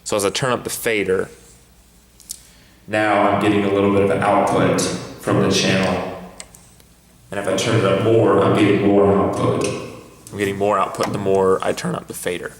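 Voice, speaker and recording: A man walking through a sound mixing desk step by step, in a halting way with many fillers and restarts. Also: sits low, level tone, big-room sound, slight background noise. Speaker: sound technician. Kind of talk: instructional walkthrough. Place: church sound booth.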